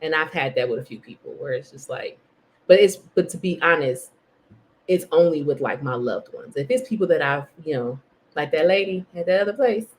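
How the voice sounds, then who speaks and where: A woman's voice: low-pitched, lively intonation, a little fast. A woman hosting a faith podcast, chatting casually and self-mockingly while reading from a devotional. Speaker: podcast host.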